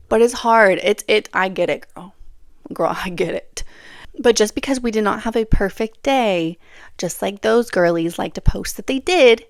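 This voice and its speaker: A woman hosting a solo advice podcast, talking straight to the listener in a sassy, animated way and calling her "girl". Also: medium pitch, dry recording, clean studio sound. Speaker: podcast host. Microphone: phone or camera on charger.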